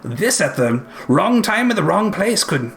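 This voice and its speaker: A man voicing an eccentric old male vault keeper who chuckles and gets excited. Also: high voice, unhurried, vocal fry, a little hiss or hum, voice pushed up, full character voice. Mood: musing.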